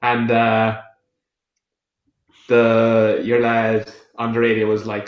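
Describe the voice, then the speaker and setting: A man's voice: medium pitch, completely flat delivery, takes it slowly, dull audio. A British man co-hosting a football podcast, telling rambling stories in casual chat. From Britain. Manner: rambling storyteller, restarts sentences. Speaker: podcast co-host. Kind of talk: casual football chat while watching a match. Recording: echoey room.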